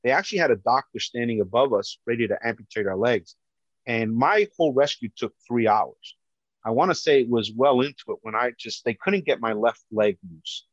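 A man, a police officer, telling his own story as personal testimony in an earnest, halting way with many restarts. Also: mid-range voice, dry recording. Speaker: police officer recounting a rescue. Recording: dull lo-fi dry sound.

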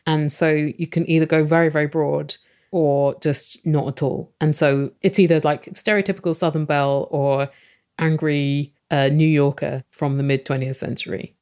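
An English woman co-hosting a podcast, recapping a TV show in casual, animated chat. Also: deep voice, normal speed. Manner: chatty, giggly, animated storytelling. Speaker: podcast co-host.

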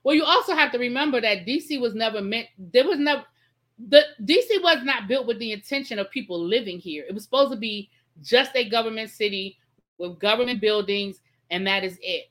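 Bright-voiced woman hosting a chatty live stream. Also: medium pitch. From Washington, D.C. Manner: chatty, explains patiently, reads out viewer comments. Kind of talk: casual live-stream chat.

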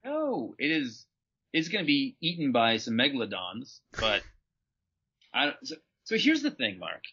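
A man co-hosting a comedy film podcast, rambling and halting through deadpan jokes. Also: mid-range voice, a little hiss or hum. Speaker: podcast co-host. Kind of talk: casual comedic chat. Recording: dull lo-fi audio.

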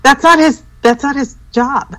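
A woman's voice: sits high, measured pace, fairly bright tone, low-quality recording. A woman co-hosting a podcast, talking bluntly and laughing in casual chat. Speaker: podcast co-host.

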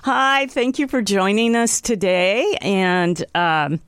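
A woman's voice: medium pitch, takes it slowly, fairly bright tone, smooth, no echo, studio quality. A woman hosting an interview show, reading the guest's introduction and reacting chattily. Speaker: talk show host.

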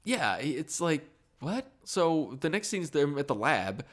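A man's voice: a little high, measured pace. Guy on a podcast ranting about a tv episode, swears a ton, does the characters' lines. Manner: profane, animated, acts out quotes. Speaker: podcast co-host. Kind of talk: casual chat recapping a TV episode.

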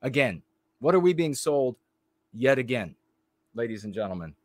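A man's voice: mid-range voice, sing-song, normal speed, dry recording, clean studio sound. A man ranting as a political commentator in a livestream. He talks bluntly and heatedly, stopping and restarting often with fillers.

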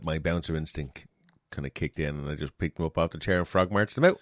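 A restaurant manager with a rumbling low voice speaks at a quick pace in a casual chat, captured in clean studio quality with no echo. He tells stories with animation, acting out his customers' lines.

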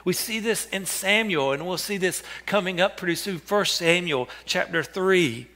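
A man preaching a sermon in an earnest way, with a bright, forward tone. He repeats names and phrases and drops to a near hush for the quoted words of scripture. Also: high-pitched, moderate pace. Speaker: pastor.

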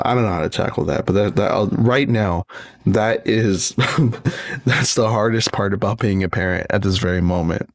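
Man, very low voice, casual rambling monologue, profane, frequent restarts, dry close sound. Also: no room sound. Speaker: parent.

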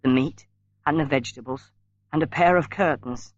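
A man voicing a tired older mother who speaks quietly and bitterly. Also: a little high, normal speed, no echo, highs cut off, lightly acted.

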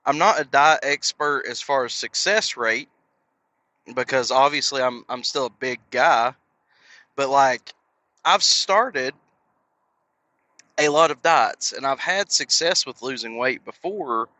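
A man's voice: mid-range voice, animated, takes it slowly, pauses often, pushed and bright, no echo. A man hosting a podcast, talking casually into a headset in a rambling, self-deprecating way, full of fillers and acted-out voices. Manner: acts out voices of people in his stories. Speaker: podcast host.

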